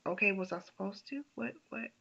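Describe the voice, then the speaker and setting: A woman voicing her blunt, plainspoken mother, slightly higher than her own voice. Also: fairly quick, bright, forceful tone, dull audio. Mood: puzzled. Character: blunt, matter-of-fact older mother.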